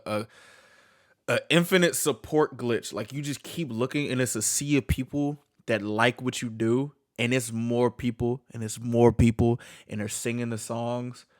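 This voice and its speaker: A man hosting a reaction video, commenting casually in an excitable way with exclamations and swearing. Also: medium pitch, no echo, clean studio sound.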